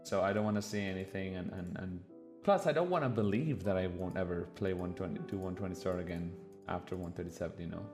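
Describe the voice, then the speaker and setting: A man's voice: low-pitched, fast talker, over music. A man streaming a reaction to a documentary, talking casually, swearing freely and getting openly emotional. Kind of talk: casual live-stream commentary.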